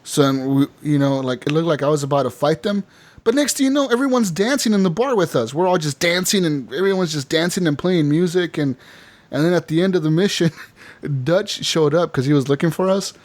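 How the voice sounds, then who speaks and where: A man's voice: fairly high pitch, fairly quick. A young man co-hosting a casual gaming podcast, telling a story with lots of laughter and acting out the characters' lines. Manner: animated storyteller, acts out characters, laughs often. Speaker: podcast co-host.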